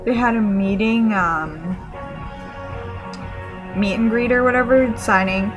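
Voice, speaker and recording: A woman from Canada telling a story to her camera in an excited, rambling way, full of fillers and restarts. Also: mid-range voice, slow pace, lo-fi sound, music in the background. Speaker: vlogger.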